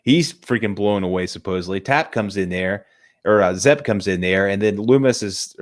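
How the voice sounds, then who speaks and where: A man co-hosting a casual movie review, excitable, swearing casually and restarting his sentences often. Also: fairly low pitch, moderate pace. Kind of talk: casual chat.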